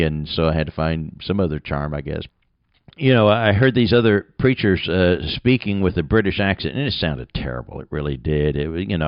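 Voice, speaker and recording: A man's voice: deep voice, no echo, highs cut off. A man with an American accent, a radio broadcaster and preacher giving an earnest, plain-spoken conversational sermon.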